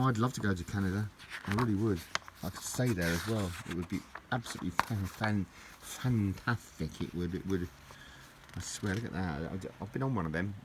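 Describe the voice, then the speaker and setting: A man's voice: fairly low pitch, background noise. A middle-aged man, chatting casually as he opens parcels, gushing and rambling with lots of repeats. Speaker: collector vlogger opening parcels. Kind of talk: casual unboxing chat.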